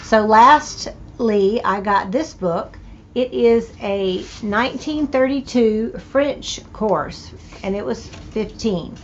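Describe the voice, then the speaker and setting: Older Southern woman, slow and chatty. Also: a little high, highs cut off, slight background noise. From American South. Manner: chatty, delighted exclamations. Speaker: thrift haul host. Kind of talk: casual show-and-tell.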